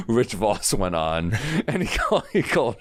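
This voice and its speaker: A man's voice: fairly low pitch, very animated, a little slow. A man in a casual podcast chat who laughs while telling stories and imitates the people in them.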